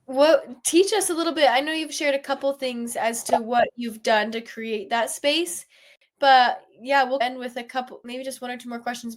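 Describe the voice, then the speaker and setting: Woman host, slightly high voice, asks soft, attentive questions. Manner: attentive, gently curious questioning. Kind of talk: interview conversation.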